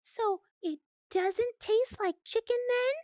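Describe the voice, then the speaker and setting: A woman's voice: extremely high pitch, takes it slowly, darkish tone, no room sound, clean studio sound, pitched above the performer's own voice. A woman voicing a small, curious male duckling in a storybook read-aloud, sweet and inquisitive. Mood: pestering.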